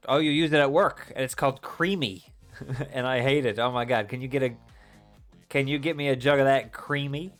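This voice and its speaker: A young man hosting a livestream from his home setup, chatting and joking with viewers in a loose, playful way. His voice sits at an ordinary middle pitch. Soft music plays faintly behind him. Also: steady tone, moderate pace. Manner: chatty and playful, reading chat aloud and joking. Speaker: livestream host. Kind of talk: casual chat with live viewers.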